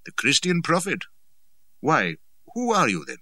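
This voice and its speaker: Man putting on a calm polite stout chief, bright lively voice, totally unbothered. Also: a little high, unhurried, dry recording, studio quality, far from the mic, voice pushed up, exaggerated voice. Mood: mild. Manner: mild, smooth, polite, cheerfully ironic. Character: stout, genial, quietly dangerous male chieftain.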